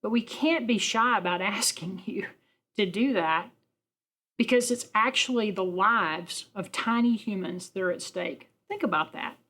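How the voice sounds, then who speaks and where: A woman's voice: medium pitch, measured pace, fairly bright tone. A woman from a pregnancy center making an earnest, persuasive appeal to an audience at an event. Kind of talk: speaking at a fundraising event.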